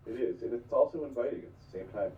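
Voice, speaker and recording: A man's voice: medium pitch, quick pace, narrow, tinny audio, slight background noise. A man as a podcast guest, laid-back with dry humor. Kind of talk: casual chat. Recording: roomy, distant mic, loud crowd.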